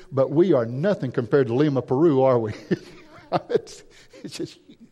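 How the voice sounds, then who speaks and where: A man's voice: mid-range voice, warm tone, long reverb tail. A man preaching a missionary sermon, mixing statistics with stories and building emphasis on key points. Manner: storytelling with statistics, rising emphasis.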